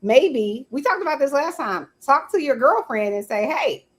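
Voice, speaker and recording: A woman's voice: high voice, animated, normal speed. A woman hosting a casual live-streamed talk show, arguing her point and greeting viewers by name. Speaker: host. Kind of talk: casual podcast debate.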